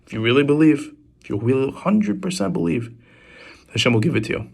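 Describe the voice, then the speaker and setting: A man teaching as a rabbi, rattling off stories at a brisk clip. His pitch sits in an ordinary middle range. He often stumbles and restarts his phrases. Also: gravelly, husky. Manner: quick, animated storytelling with frequent restarts. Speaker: rabbi giving a Torah class. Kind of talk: storytelling Torah talk.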